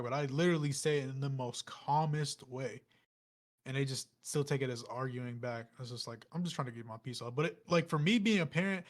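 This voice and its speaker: A man co-hosting a podcast in casual chat, relaxed and full of "like" fillers. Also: mid-range voice. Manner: relaxed, filler-heavy, with frequent "like". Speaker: podcast co-host.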